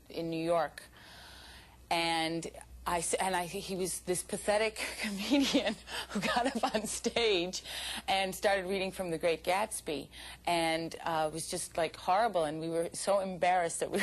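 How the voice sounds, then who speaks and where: A woman with a slightly low voice looks back on old memories with amusement. Her laughter keeps slipping into her words. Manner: amused, laughs while talking. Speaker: interviewee. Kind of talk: reminiscing interview.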